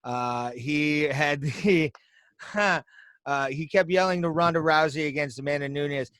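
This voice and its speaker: A man's voice: on the high side, fairly even intonation, measured pace, fairly bright tone, clear, resonant tone, no room sound. A man co-hosting a podcast, chatting casually with playful jokes and hype. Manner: joking, playful hype with goofy asides. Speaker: podcast co-host. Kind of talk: casual chat.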